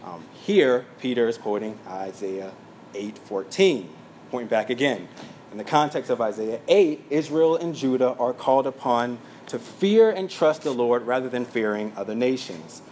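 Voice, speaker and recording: A man teaching a sermon from his notes, speaking plainly with frequent fillers and quick asides. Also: mid-range voice, animated, darkish tone, a little hiss or hum. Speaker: pastor.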